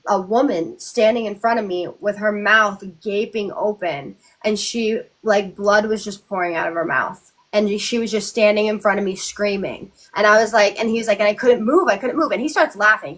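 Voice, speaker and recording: A woman's voice: medium pitch, a bit bright. Chatty young woman telling a scary story. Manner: chatty, lots of likes and ums, restarts. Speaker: host. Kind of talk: casual live chat, storytelling.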